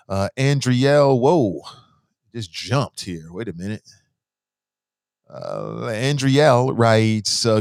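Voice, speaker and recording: A man's voice: lowish voice, a little slow, no room sound, clean studio sound. A man hosting a call-in talk show. He speaks in a loose, blunt way, using slang and swearing, and he reads listener messages aloud. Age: adult with children. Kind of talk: casual opinionated talk show commentary.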